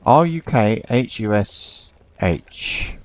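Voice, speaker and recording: Slow, lively low-voiced male gamer. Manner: muttering to himself, thinking aloud and spelling out words. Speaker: gamer playing an online role-playing game. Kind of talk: casual let's-play commentary.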